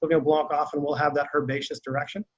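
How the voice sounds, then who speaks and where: Male winery rep: easygoing, filler-heavy tasting talk, slightly raised pitch, muffled video-call audio. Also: fast. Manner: relaxed, conversational, many fillers.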